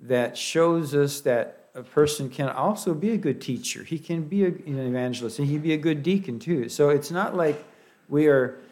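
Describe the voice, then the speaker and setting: A man with a Pennsylvania Dutch accent delivering a sermon, folksy and halting, often restarting his words. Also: on the high side, a little mellow. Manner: halting, with many restarts and fillers; folksy, with light humor. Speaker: preacher.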